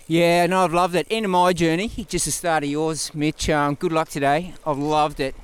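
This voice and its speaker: A man chatting cheerfully as a riding companion, relaxed and encouraging. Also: on the high side, moderate pace, clear, resonant tone. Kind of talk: casual chat while cycling.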